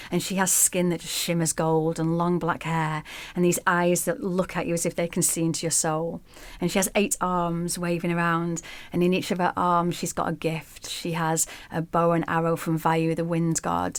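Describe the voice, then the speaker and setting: A woman guest in an interview, telling a myth as a vivid, expressive storyteller. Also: lowish voice, no echo.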